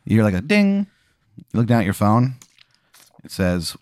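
A man's voice: on the low side, sing-song, normal speed, pauses often, darkish tone, no echo. A man narrating an improvised tabletop game as game master, in a loose, rambling, playful way.

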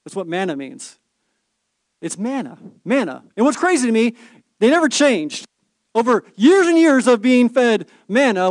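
Lively high-voiced man preaching. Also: moderate pace, dry recording, clean studio sound. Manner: animated storytelling, rhetorical questions, playful asides. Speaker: pastor. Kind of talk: sermon.

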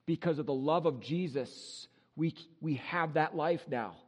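A male pastor preaching an animated, joking sermon with exuberant energy. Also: on the high side, a little slow, big-room sound.

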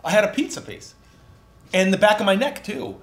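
A middle-aged man chatting casually as a guest, telling animated stories, laughing often and swearing. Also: high-pitched, fairly quick. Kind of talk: casual chat. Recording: roomy echo with background noise.

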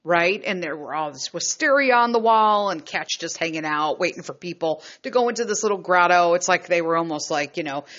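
A woman's voice: lowish voice, animated, a little fast, few pauses, fairly bright tone, highs cut off. A middle-aged woman and mother telling a personal story in a frank, heated and profane way. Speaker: vlogger and mother. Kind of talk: casual storytelling.

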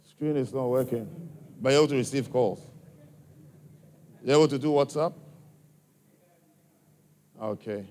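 A man's voice: medium pitch, measured pace, pauses often, dark tone, slight background noise. A man with an African accent addressing a church gathering, questioning listeners directly in a coaxing way. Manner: coaxing, direct, asks the audience many questions.

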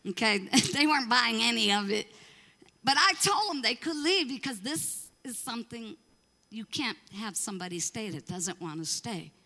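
A woman pastor telling a story from the pulpit in an animated way, acting out the voices of the people she quotes. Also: on the high side, moderate pace, long reverb tail. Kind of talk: storytelling sermon.

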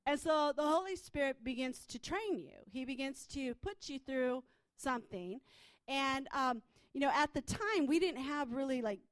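A woman's voice: high-pitched, expressive, moderate pace, dry recording. Chatty woman sharing a testimony. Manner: chatty, many fillers and restarts. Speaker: prophetic minister. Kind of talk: personal testimony.

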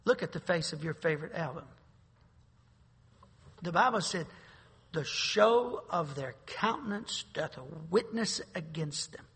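Gravelly, bright-voiced male preacher in a reverberant hall. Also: a little high, animated, measured pace, long pauses. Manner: emphatic preaching that swells to loud declarations. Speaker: pastor. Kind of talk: sermon.

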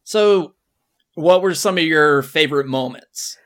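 A man co-hosting a podcast, talking about a film in a relaxed, easygoing way. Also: a little high, unhurried. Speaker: podcast co-host. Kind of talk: casual movie review chat.

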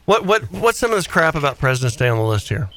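A man's voice: on the high side, sing-song, quick pace, fairly bright tone. A man in his fifties hosting a radio show, chatting casually in a rambling, self-deprecating way. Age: 50s. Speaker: radio host. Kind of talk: casual morning radio chat.

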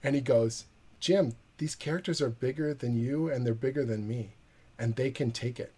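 Male comic writer, husky voice, animated interview storyteller. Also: medium pitch, normal speed. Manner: lively storyteller acting out quoted dialogue. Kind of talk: animated anecdote in a podcast interview.

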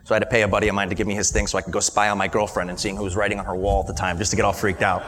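A man's voice: fairly low pitch, level tone, very fast, a bit bright. A man in his late twenties, a business owner telling an emotional personal story at a live talk and stuttering at moments. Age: late 20s. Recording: long hall reverb from a live event.

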